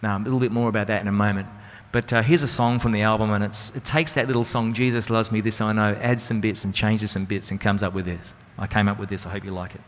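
Speaking fast and almost without pauses, a man delivers a sermon in a fairly low, flat voice. He is a Christian speaker and singer, earnest and conversational, posing rhetorical questions, and the hall is reverberant with music behind.

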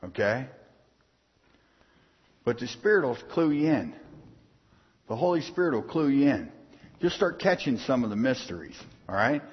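A man's voice: mid-range voice, very animated, moderate pace, long pauses, breathy edge. A man preaching an informal sermon, folksy and punchy, often asking the congregation if they are hearing him. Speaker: pastor. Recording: dull lo-fi sound, long hall reverb.

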